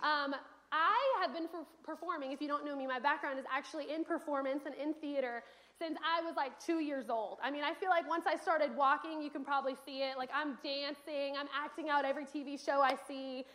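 A young adult woman giving a sermon, telling stories lively and acting out the quotes. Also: sits high, a little fast. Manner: animated storytelling, acts out quotes. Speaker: speaker giving a church message.

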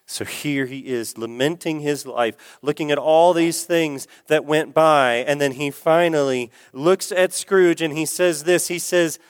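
A man's voice: a little high, measured pace, hardly any pauses, smooth, dry recording, studio quality. A man preaching a sermon in a conversational, storytelling way, asking the listeners questions.

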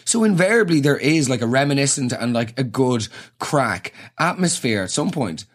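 A man's voice: mid-range voice, sing-song, normal speed. A young Irish man giving a rambling, sweary comic monologue and acting out little scenes.

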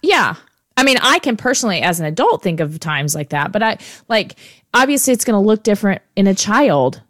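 A woman's voice: mid-range voice, big pitch swings, fairly quick, a bit bright, no room sound, studio quality. A woman hosting a casual podcast, asking questions in a chatty, hesitant way full of fillers. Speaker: podcast host.

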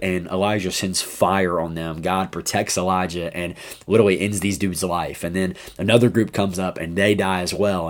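A man who is a high school youth pastor, talking through a Bible chapter in an upbeat, chatty podcast style full of asides. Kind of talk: casual devotional podcast talk.

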